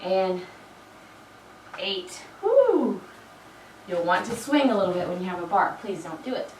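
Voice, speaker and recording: A woman's voice: lowish voice, moderate pace. Woman fitness coach, chatty rep-counter, a touch froggy, recorded from a distance in a noisy, echoey room. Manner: encouraging, chatty asides between counted reps. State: frog in her throat. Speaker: fitness instructor. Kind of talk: workout instruction with rep counting. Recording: echoey room, mic far off.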